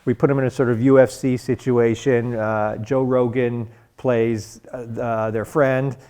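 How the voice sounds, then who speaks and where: Guy rambling deadpan on a comedy panel, lots of uhs, mid pitch. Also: unhurried, smooth. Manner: rambling with many fillers, mock-serious. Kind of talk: deadpan absurd comedy chat.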